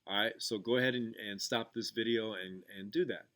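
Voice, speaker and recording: A man's voice: on the low side, fairly even intonation, brisk, fairly bright tone. A man who teaches and hosts a podcast, talking casually with lots of fillers as he guides listeners through an exercise and tells a story from class. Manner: conversational, loose with fillers and restarts, retells a classroom story. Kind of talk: casual podcast talk guiding a gratitude exercise.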